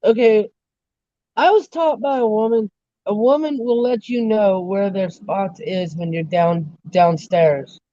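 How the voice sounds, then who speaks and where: A man's voice: high voice, a little slow, dark tone, dry recording. Gossiping man guest on a livestream; dull, dry sound. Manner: gossipy, crude. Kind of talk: casual livestream chat.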